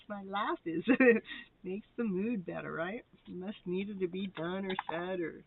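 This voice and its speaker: Woman, live tarot stream host, unhurried and giggly chatter, tinny phone-line sound. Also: medium pitch, gravelly, husky. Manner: laughs often, chatty and rambling. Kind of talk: casual live-stream chat.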